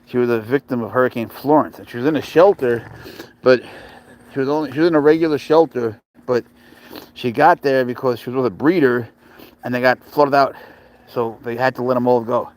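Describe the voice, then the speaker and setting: A man chatting casually on a live stream, swearing freely, laughing often and slipping into soft baby talk with his pet. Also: medium pitch, brisk, rough recording.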